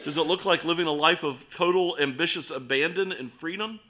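A man delivers an earnest sermon, weaving stories together with rhetorical questions for his congregation. His voice sits a little high for a man and has a bright, forceful edge. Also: brisk, a little hiss or hum. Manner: storytelling. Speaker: preacher.

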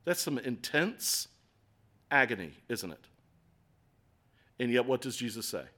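A middle-aged man preaching a sermon in a conversational, animated way with acted asides. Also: mid-range voice, a little slow. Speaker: pastor.

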